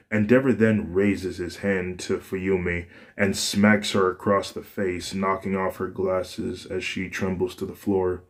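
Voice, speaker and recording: Low, slow-talking male storyteller. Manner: plain, unpolished reading with restarts. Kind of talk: fan fiction narration.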